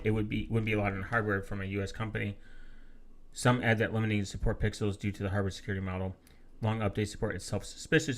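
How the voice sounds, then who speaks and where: Bright-voiced ranting male streamer. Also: mid-range voice. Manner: profane, quick to flare up angrily; reads viewer comments aloud then rebuts them. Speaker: live streamer answering chat. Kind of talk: casual livestream rant.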